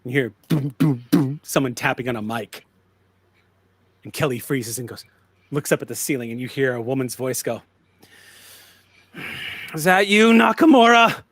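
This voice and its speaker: A man narrating a tabletop horror game as game master, in relaxed, descriptive speech. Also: mid-range voice, normal speed, breathy edge, no room sound.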